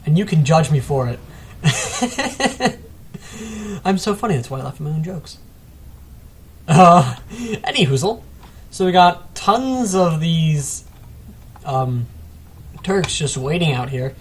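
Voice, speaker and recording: A man's voice: a little high, lively intonation, takes it slowly, long pauses, breathy edge. Rambling man commentating a game replay. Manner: rambling, self-mocking, chatty asides. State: a bit sick. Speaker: gameplay commentator.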